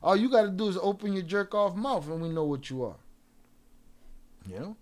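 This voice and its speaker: Livestream host, male, high-pitched, profane and taunting, rants straight at his chat. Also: expressive, moderate pace, long pauses, a little mellow. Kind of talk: livestream rant addressing chat.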